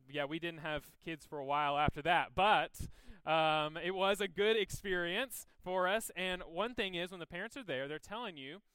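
A male pastor walks his listeners through scripture in a relaxed, conversational way, stopping for a homely story now and then. His voice is bright and crisp, sitting a little high, and it is captured close and dry with almost no room sound. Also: no echo, rough recording. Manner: conversational, explains scripture with personal stories. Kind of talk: sermon teaching.

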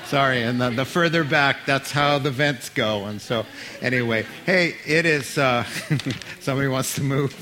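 Bright-voiced man hosting, chatty and laughing. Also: medium pitch, moderate pace. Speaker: church host introducing the speaker. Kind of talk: casual introduction.

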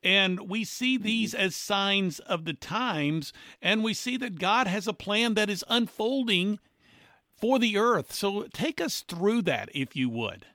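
A man interviewing a guest, asking questions in a measured, wry manner. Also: sits high, animated, pushed and bright, no room sound, studio quality.

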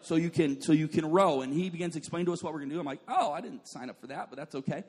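A man's voice: fairly high pitch, racing, long reverb tail. A young adult man preaching a sermon, telling a funny story and putting on the voices of people in it. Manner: animated, jokey, acts out voices of people in his stories.

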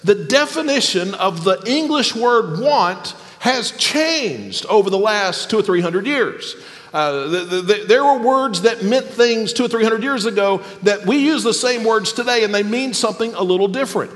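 Animated high-voiced preacher in a hall. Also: male voice. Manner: animated preaching with emphatic pauses. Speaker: pastor. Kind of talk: sermon.

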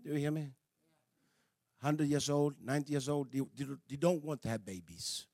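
Preaching with animation, a man whose voice is a little high alternates quiet asides with shouting. He falters into repeats, uses slightly non-native phrasing, and the recording has no room sound.

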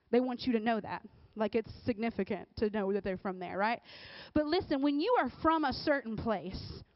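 A woman giving a casual, conversational sermon, often checking in with the crowd with a quick "right?". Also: fairly high pitch, no room sound. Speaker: speaker at a church or youth service. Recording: dull, dry recording.

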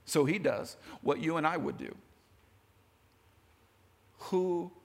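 A man preaching a sermon in a lively, conversational way, talking straight to his audience. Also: fairly high pitch, moderate pace, creaky. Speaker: pastor. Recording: long hall reverb.

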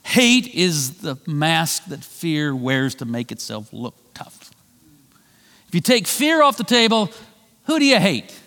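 A male pastor delivering a sermon, swinging between loud emphatic lines and quiet drawn-out phrases. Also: sing-song, long reverb tail. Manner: preaching with wide swings of pitch and volume, slowing for emphasis.

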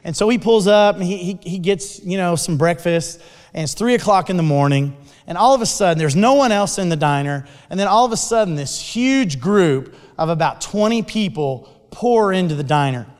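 Guy preaching a story, animated, restarts a lot, echoey hall. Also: high-pitched, moderate pace. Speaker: speaker. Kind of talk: sermon storytelling. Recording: long hall reverb.

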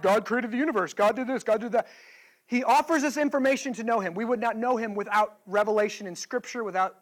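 A man's voice: extremely high pitch, a bit bright, poor audio. A male pastor preaching a sermon, pressing the listeners with emphatic rhetorical questions.

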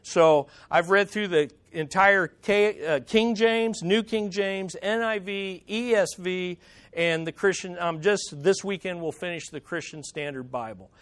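High-voiced pastor preaching conversationally. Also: male voice, unhurried, a bit bright. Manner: conversational, emphatic, repeats phrases. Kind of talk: sermon.

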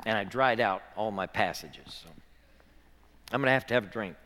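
Bright-voiced preacher in a reverberant church. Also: male voice, lowish voice, moderate pace. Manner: earnest preaching that swells from hushed to loud and back. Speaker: pastor. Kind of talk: sermon.

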